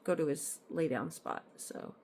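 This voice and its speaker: A woman's voice: sits low, expressive, measured pace, gravelly, a little mellow, a little hiss or hum. A woman chatting casually at home as she shows off her cross-stitch finds, rambling into asides with frequent ums. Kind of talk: casual show-and-tell chat. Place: at home in an apartment.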